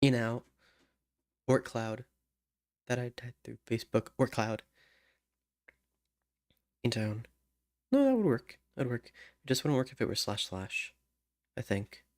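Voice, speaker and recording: A man mutters to himself at a computer, slow and halting as he works on song lyrics. Between tries he hums wordless tunes. His voice sits close and dry, with no room sound. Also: mid-range voice, expressive, no room sound. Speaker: songwriter. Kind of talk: thinking aloud while writing lyrics.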